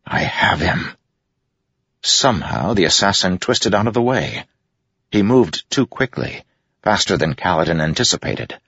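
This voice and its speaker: A man narrates a fantasy story in a measured, dramatic way. His voice is very deep, gravelly and husky. The recording is dry and somewhat dull. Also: lively intonation, fairly bright tone, no echo. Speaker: audiobook narrator. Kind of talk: scripted narration.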